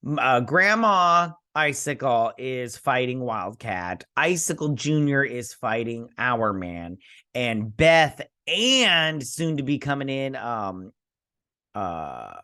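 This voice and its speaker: A young man recaps a TV episode in a loose, rambling way, full of ums and false starts. His voice swings widely in pitch as he gets animated. The sound is dry and close, with no room echo. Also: takes it slowly. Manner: rambling, many fillers and restarts; animated, acts out characters' lines. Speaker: TV show reviewer.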